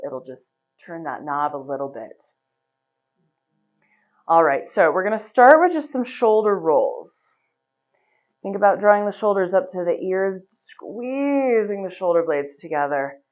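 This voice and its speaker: A woman teaching a yoga class, giving relaxed, chatty instructions and laughing often. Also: on the low side. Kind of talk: guiding a live yoga class. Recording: slightly dull, lo-fi recording.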